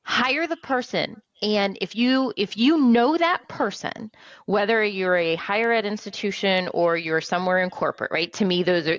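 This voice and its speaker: Brief: female interview host, conversational and affirming, mid-pitched, slightly muffled recording. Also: a bit bright. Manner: conversational, affirming, asks questions. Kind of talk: casual interview chat. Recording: dull, slightly lo-fi sound.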